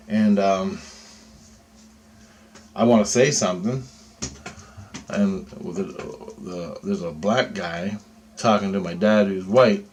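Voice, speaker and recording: Low-voiced man ranting profanely. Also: darkish tone, slight background noise. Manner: profane, agitated, conversational with repeated "right?". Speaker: vlogger recounting a dream. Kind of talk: rambling spoken monologue.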